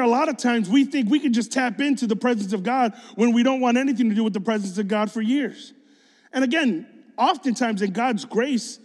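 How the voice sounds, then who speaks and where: Male preacher, high voice, relaxed slangy sermon delivery, long reverb of a large hall. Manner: casual, slangy storytelling.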